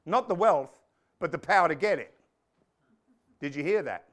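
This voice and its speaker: An English man preaching a sermon in an animated way, swinging from loud exclamations to quiet prayer. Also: on the high side, moderate pace.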